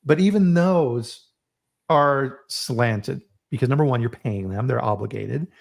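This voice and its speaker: Hosting a relaxed live stream, this man speaks at medium pitch with a measured pace and a creaky voice. His storytelling is lively, full of restarts and repeated words.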